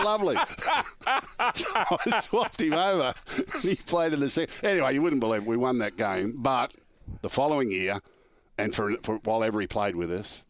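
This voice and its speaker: An older man, a former coach telling stories in casual chat, acting out the dialogue and laughing through the punchlines. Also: medium pitch. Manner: animated storyteller, acts out quoted dialogue, laughs through punchlines. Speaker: former coach and show regular.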